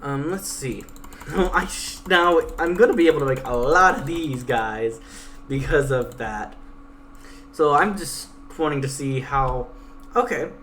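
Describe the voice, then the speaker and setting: A woman's voice: a bass voice, a bit bright, a little hiss or hum. A woman hosting a strategy game let's play, giving casual, bubbly, chatty commentary and reading story events aloud. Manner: bubbly, chatty, quick to laugh.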